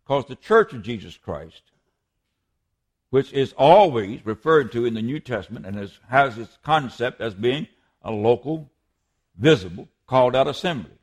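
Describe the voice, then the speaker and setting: A man's voice: medium pitch, expressive, normal speed. A man preaching a sermon as a pastor, earnest and emphatic, sometimes restarting a word.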